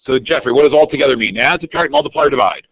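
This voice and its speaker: A male math teacher hosts a live online algebra review, upbeat as he calls on students by name. He speaks very fast in a fairly high, gravelly voice whose pitch swoops wildly. The recording sounds dull, lo-fi, and dry.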